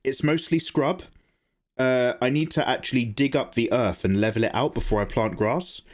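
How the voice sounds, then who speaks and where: A man hosting a live drawing stream, chatting casually and reacting to viewer messages, laughing often. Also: moderate pace. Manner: chatty, animated, laughs often, jumps to high pitch when excited. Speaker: art livestream host. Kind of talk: casual chat while drawing, reading chat.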